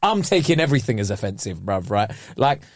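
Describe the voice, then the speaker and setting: A young man trades casual podcast banter. His pitch sits a touch high and swings widely as he slips into mocking voices. The sound is dry and close. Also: fairly quick, no echo. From England. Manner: animated, mimics voices, slangy banter. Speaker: podcast co-host. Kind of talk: casual chat.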